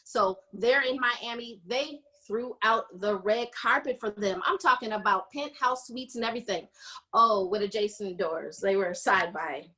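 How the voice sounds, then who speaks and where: A woman hosting a podcast, casually recapping a romance novel and acting out the characters' lines with animated storytelling. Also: medium pitch, measured pace. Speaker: podcast host. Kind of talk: casual book recap chat.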